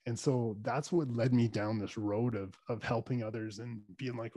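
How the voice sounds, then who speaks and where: A man's voice: mid-range voice, fairly even intonation, normal speed, dark tone, dry recording. A man telling a story as a dentist guest on a podcast, earnest and talking with fillers and restarts. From Canada.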